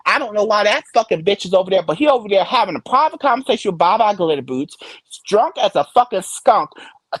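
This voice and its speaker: A woman streamer giving gossip commentary, ranting and cursing heavily and laughing loudly at her own stories. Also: a little high, slightly rough, no echo. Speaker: live streamer.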